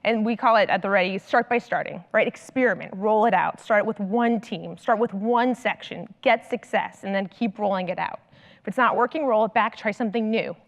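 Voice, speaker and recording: Female speaker, 30s, consultant at a conference; chatty storyteller, average pitch, long reverb of a big hall. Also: brisk. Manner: animated storytelling, frequent "like". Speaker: consultant and coach. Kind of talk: conference talk.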